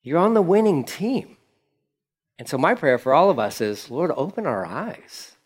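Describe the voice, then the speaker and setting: A man's voice: fairly high pitch, very animated, moderate pace, breathy edge. A man preaching a sermon as pastor, in a casual, conversational manner with slangy asides.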